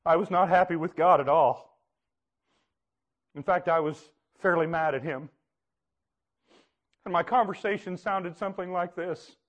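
A man preaching, telling a personal story in an earnest way that swings from hushed to loud. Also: high voice, measured pace, pauses often. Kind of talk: personal testimony sermon.

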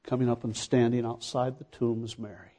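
A man's voice: mid-range voice, little pitch movement, a little fast, mellow. A man preaching a sermon, retelling a scripture story dramatically and building to fervent emphasis.

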